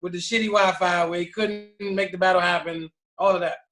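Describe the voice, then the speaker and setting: A man's voice: high-pitched, fairly quick. A man co-hosting a podcast in casual chat, telling stories and acting out what others said. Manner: animated storyteller acting out quoted voices. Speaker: podcast co-host.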